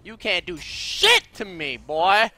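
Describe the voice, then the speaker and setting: A man's voice: high voice, wildly swooping pitch, slow pace. Brash, profane game streamer man. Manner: brash, profane, swings from muttering to shouting. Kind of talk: live gameplay commentary.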